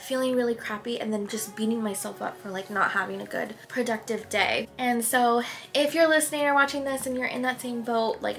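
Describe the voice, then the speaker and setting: A young woman vlogging casually to camera, chatty and rambling, a little out of breath. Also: a little high. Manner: chatty, rambling, frequent laughs.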